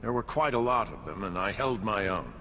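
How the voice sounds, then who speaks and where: A man voicing a calm, dignified Jedi Master in a video game, speaking in a measured, formal way. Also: on the low side, long reverb tail, slight background noise.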